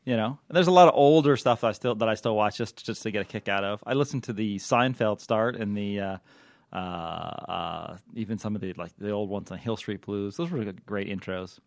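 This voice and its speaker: A man's voice: fairly low pitch, fairly quick, vocal fry, no room sound. A man co-hosting a casual podcast about television, talking in a chatty way with many fillers and restarts. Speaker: podcast co-host, TV critic.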